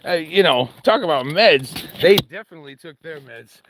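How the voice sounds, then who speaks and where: A man's voice: on the high side, expressive, normal speed, a crowd in the background. A man rambling jokily while live-streaming a walk outdoors with his dog, chatting to his viewers. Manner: jokey, rambling, talks to chat and his dog.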